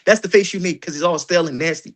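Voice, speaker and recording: A man with a high, bright voice coaches a room of door-to-door sellers. He talks animatedly, jokes constantly and slips into little acted-out doorstep conversations. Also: very fast. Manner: animated, joking, acts out doorstep exchanges. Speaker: sales trainer. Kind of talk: energetic sales training talk.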